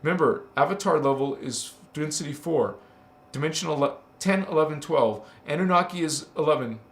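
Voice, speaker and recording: A man's voice: on the high side, animated, moderate pace, echoey room. A man hosting a casual spiritual livestream, teasing and emphatic, laughing often as he talks to viewers.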